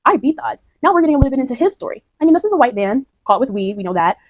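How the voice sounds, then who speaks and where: A woman's voice: high voice, sing-song, rapid-fire, darkish tone, dry recording, rough recording. A woman explaining her own poem in a chatty way, often restarting and checking that the listener follows. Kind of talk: casual spoken explanation.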